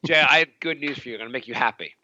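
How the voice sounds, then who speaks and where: A man's voice: medium pitch, very fast, bright, forceful tone, no room sound. A man co-hosting a podcast, teasing and joking with casual profanity. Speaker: podcast co-host. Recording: dry, slightly dull audio.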